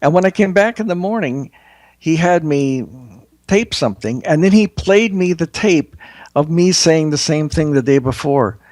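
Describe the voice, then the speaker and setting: A man who is a guest author on a casual political talk show, telling stories with halting restarts. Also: a little high, no echo. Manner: storytelling, lively, halting restarts.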